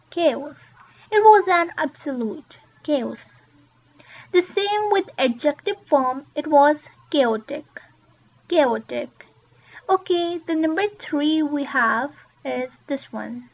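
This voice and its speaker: A woman with a high voice leads a pronunciation lesson, saying each word slowly and repeating it with careful stress. The recording sounds a little dull and lo-fi. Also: animated, a bit bright. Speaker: English teacher.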